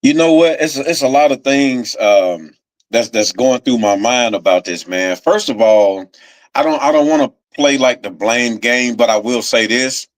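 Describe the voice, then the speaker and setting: Man giving a measured take in chat. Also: medium pitch. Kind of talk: casual chat.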